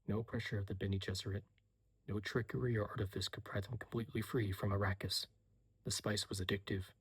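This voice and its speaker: A man giving a soft-spoken, hushed reading as whispered role-play. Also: fairly low pitch, level tone, brisk, husky, no echo. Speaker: reader.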